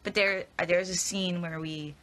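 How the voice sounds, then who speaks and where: A woman's voice: on the low side, steady tone, normal speed, bright, forceful tone. A young woman answering fan questions in a casual live Q&A, rambling and hesitant as she stumbles over her words. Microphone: phone at arm's length.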